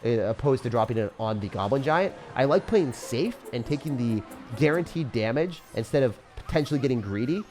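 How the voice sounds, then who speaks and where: A young man giving excitable, jokey commentary over his own gameplay, swinging from loud hype to low mutters. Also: a little fast, few pauses, faint music behind. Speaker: gaming commentator.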